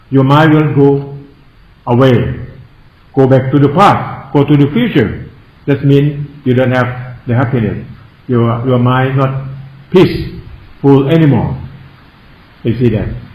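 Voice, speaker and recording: A man who speaks Thai natively, a Buddhist monk giving a Dharma talk in non-native English, slowly questioning his listeners and repeating key phrases. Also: mid-range voice, darkish tone, lo-fi sound. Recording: echoey room.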